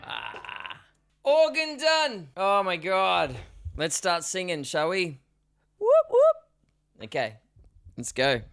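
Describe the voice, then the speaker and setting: A man's voice: high voice, big pitch swings, takes it slowly, gravelly. A tired man chatting casually on a live stream while he records a song in a home studio, joking at his own expense and swearing often. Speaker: musician streaming a songwriting session. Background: loud music from the track being recorded.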